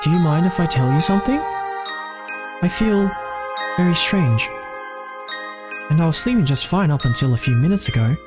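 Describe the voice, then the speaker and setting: Hitori, a drowsy calm bird professor, as a streamer puts him on. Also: mid-range voice, over music, natural voice. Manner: slow, sleepy, mild-mannered. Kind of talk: reading game dialogue aloud.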